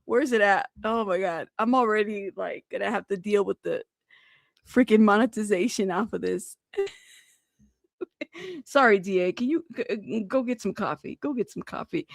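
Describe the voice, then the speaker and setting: A woman's voice: mid-range voice, lively intonation, moderate pace, creaky, no echo, clean studio sound. A woman hosting a live stream, chatting casually, reading viewer comments aloud, laughing, and swearing as she reacts.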